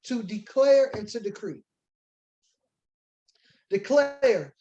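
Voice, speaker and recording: A man teaches a sermon-style Bible lesson to a congregation, reading scripture aloud and defining words, shifting between emphatic preaching and casual asides. His voice sits high and warm, his pace slow, and the recording muffled.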